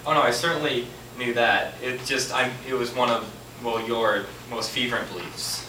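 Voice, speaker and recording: A man on stage playing a nervous male literature professor who talks haltingly. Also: medium pitch, fairly even intonation, close to an everyday voice. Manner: halting, flustered. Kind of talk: amateur stage acting. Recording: echoey hall from far off, noise.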